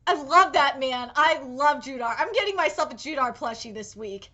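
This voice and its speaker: A young woman giving excited live reaction commentary on an anime episode, gushing and swearing freely with squealing outbursts. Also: sits high, moderate pace, lo-fi sound.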